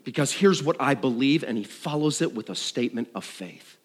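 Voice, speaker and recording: A middle-aged man preaching a sermon, swinging between loud and hushed. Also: mid-range voice, brisk, hardly any pauses, husky. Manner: animated, dramatic shifts between loud and hushed. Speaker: pastor. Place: church sanctuary. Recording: long reverb of a large hall.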